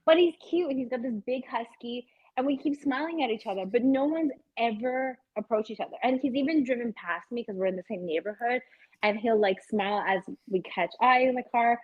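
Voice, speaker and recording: A young woman chats fast and bluntly as a podcast co-host, swearing freely and laughing often. The recording is close and dry, with a somewhat dull, muffled sound. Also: on the high side, dry recording. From lives in Los Angeles. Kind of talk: casual chat.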